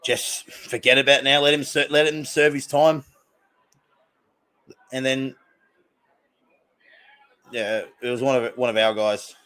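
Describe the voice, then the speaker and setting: With a mid-range, sharp-toned voice and little pitch movement, a young Australian man speaks at a measured pace with long pauses. He hosts a live stream watch-along, reacting to plays and drifting between topics in casual chat.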